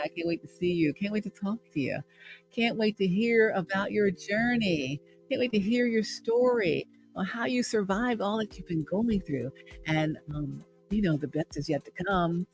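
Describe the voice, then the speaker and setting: A woman talking from a room at home in the evening, with a gravelly edge to her voice. She encourages her listeners in an upbeat, repeating, preachy way, and faint music plays softly behind her. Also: fairly low pitch. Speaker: host and radio traffic reporter. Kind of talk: motivational livestream talk.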